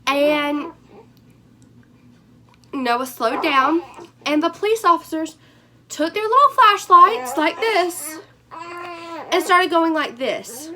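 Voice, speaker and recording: A young woman telling a rambling storytime vlog, animated and full of fillers, her voice hoarse. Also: very high voice, slow pace, pauses often, a little hiss or hum. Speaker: vlogger.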